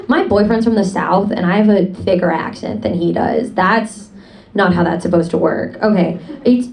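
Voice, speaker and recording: A woman's voice: medium pitch, vocal fry. A young woman with a Rochester, New York accent, doing a rambling, self-deprecating stand-up set and chatting with the crowd. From upstate New York. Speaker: stand-up comedian. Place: comedy club. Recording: distant mic, loud crowd.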